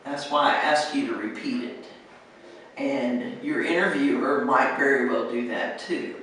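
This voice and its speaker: An American woman teaching pronunciation, patiently encouraging and saying words slowly to model them. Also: a bass voice, a bit bright. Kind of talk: one-on-one pronunciation coaching. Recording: echoey room, distant mic, faint noise.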